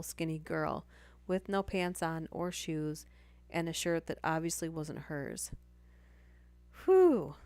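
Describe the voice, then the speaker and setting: A woman's voice: low-pitched, clear, resonant tone, no echo. A woman hosting a live stream, reading stories aloud and breaking off for chatty asides and apologies.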